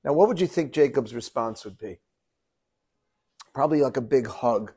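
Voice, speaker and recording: A rabbi giving a Torah teaching, quoting Hebrew verses and translating them, with frequent rhetorical questions. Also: male voice, mid-range voice, moderate pace, long pauses, husky. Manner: animated, quotes Hebrew verses then translates; asks rhetorical questions to the audience.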